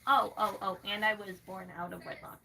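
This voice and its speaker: A woman's voice: mid-range voice, fairly even intonation, moderate pace, creaky, sharp tone, far from the mic. A woman live streamer ranting at her chat from her bedroom, sarcastic and swearing constantly. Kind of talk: angry rant to chat. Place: her bedroom, moving around.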